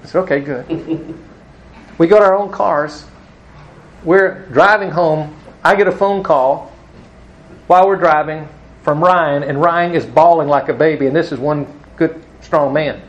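The recording is muffled, and the man's voice sits on the high side, unhurried and broken by long pauses. He preaches an evangelism teaching talk to a live group, relating stories and mimicking the people he quotes with a chuckle.

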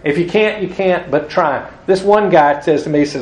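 A man's voice: fairly high pitch, moderate pace, muffled recording. A man preaching to a live group, telling stories and acting out the people he quotes with a chuckle. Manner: storytelling, acts out quoted voices, chuckles. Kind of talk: evangelism teaching talk to a live group.

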